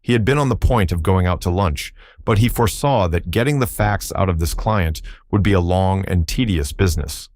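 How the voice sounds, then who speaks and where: Deep-voiced male audiobook narrator. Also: moderate pace, hardly any pauses, darkish tone, no echo, studio quality. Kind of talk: scripted narration.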